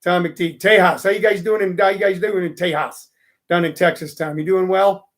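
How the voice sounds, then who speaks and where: A man's voice: high voice, steady tone, fairly quick. A middle-aged man hosting a loose, rambling live stream, chatting with viewers and greeting them by name. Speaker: host.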